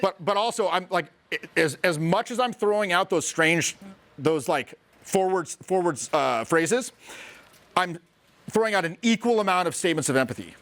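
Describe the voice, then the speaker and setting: A man who coaches social skills, explaining casually with animated, profane storytelling. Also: high-pitched, moderate pace.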